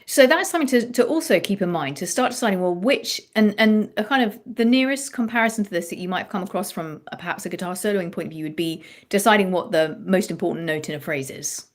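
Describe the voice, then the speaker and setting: A woman's voice: medium pitch, fast talker, few pauses. A woman songwriting coach explaining melody writing in a thoughtful live-stream chat, often restarting her phrases.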